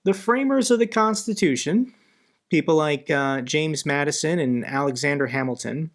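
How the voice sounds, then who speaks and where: A man's voice: fairly high pitch, moderate pace. A man hosting a viewer Q&A, giving commentary in an emphatic way and repeating phrases for stress. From United States. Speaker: political commentary host. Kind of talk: Q&A commentary, reading viewer questions.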